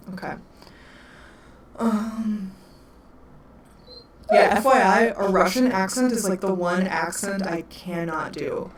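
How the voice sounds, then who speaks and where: Speaking at medium pitch, this woman takes things slowly and pauses often while chatting casually as a tabletop game master. She has a Wisconsin accent, giggles and laughs a lot, and addresses her pets. A distant mic picks her up in an echoey room with faint noise.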